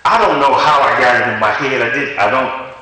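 A man's voice: medium pitch, fairly quick, pushed and bright. A man preaching a sermon, talking animatedly and conversationally, often stopping and restarting his sentences. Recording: echoey hall from far off.

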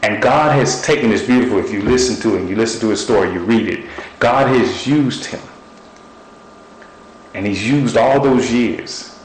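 A middle-aged man preaches a sermon in a lowish voice at normal speed, repeating short phrases and using objects as illustrations. The recording has an echoey room with faint noise.

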